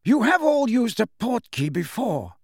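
A commanding elderly wizard headmaster, as a male audiobook reader puts him on, measured and authoritative. The voice sits high and lively in pitch, close and dry. Storybook narration. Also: slightly rough, no room sound, exaggerated voice. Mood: urgent. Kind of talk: audiobook character voice.

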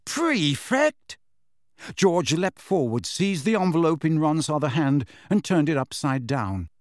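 A man narrating a storybook with a lively, expressive reading. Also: a little high, normal speed, no room sound, studio quality. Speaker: audiobook reader.

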